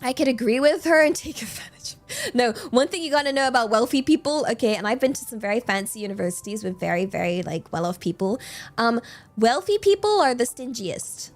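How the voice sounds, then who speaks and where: A young woman with a high, bright-sitting voice chats on stream, rambling through a story with lots of fillers. She sounds incredulous and breaks into laughter often. Faint music plays underneath. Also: expressive, fairly quick. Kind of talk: casual chat storytelling.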